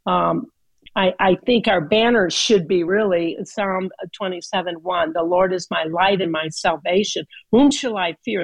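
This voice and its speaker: A woman giving a reflective, earnest devotional talk in a conversational way, with pauses and fillers. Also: fairly low pitch, creaky, no echo, rough recording. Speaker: speaker sharing a Christmas reflection.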